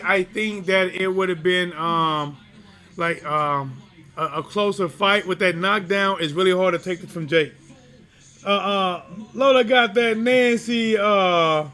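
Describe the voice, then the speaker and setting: A man with a high-sitting voice does casual live stream commentary on a fight, speaking straight to his audience. He's easily excited and his talk is full of fillers and false starts.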